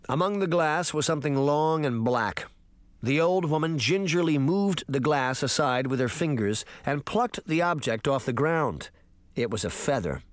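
A man narrating an audiobook with expressive, varied storytelling. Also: medium pitch, no echo. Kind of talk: scripted narration.

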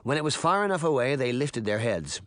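A man's voice: medium pitch, brisk, dry recording. A man narrating a children's fantasy novel as an audiobook. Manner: expressive storytelling. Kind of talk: scripted narration.

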